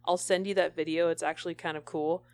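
A woman's voice: fairly low pitch, steady tone, fast, a little mellow. A young woman co-hosting a podcast, telling stories in an enthusiastic, chatty way. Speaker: podcast co-host. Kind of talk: casual chat.

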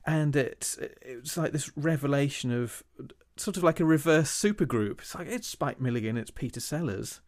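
A man's voice: on the high side, animated, normal speed. A man from Britain chatting enthusiastically, acting out little quotes of his own reactions. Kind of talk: casual chat.

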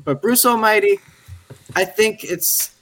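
A man appearing as a guest on a podcast, giving measured, diplomatic opinions on films. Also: high-pitched, a bit bright, slight background noise. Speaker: guest film critic. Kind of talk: casual chat.

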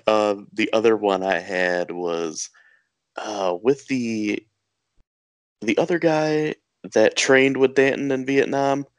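A young man co-hosting a casual movie chat, easygoing and quick to laugh. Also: fairly low pitch, no echo. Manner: easygoing, laughs often, says "dude". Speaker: podcast co-host.

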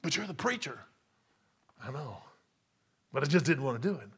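A man's voice: fairly high pitch, sing-song, moderate pace, a bit bright, husky. A man preaching an informal sermon in an emphatic, conversational way, often repeating and restarting his words.

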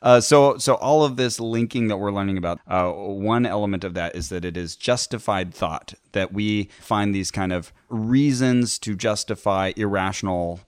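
Wry, low-voiced man co-hosting a podcast. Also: normal speed, hardly any pauses, smooth, no echo, clean studio sound. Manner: wry, animated storytelling with laughs. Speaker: podcast co-host. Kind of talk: casual chat.

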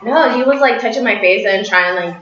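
A woman chatting casually with a friend, animated and sarcastic, acting out what people said. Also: fairly high pitch, a little fast, a little hiss or hum. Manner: animated storytelling, acts out quotes, sarcastic. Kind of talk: casual chat. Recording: slightly roomy, dull lo-fi audio.

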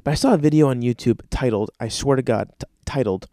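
On his crude comedy podcast, a fast-talking young man with a warm, mid-range voice swears heavily while ranting and spinning stories. Studio quality, dry sound.

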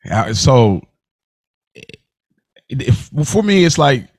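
A man's voice: medium pitch, sing-song, creaky, no echo, studio quality. A man co-hosting a podcast, chatting casually and laughing often as he reviews a TV episode. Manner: laid-back, slangy, laughs often, quick restarts. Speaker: podcast co-host.

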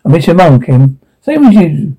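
A man's voice: on the high side, big pitch swings, moderate pace, mellow, husky, rough recording. A man playing an evasive middle-aged father who deflects and stays defensive.

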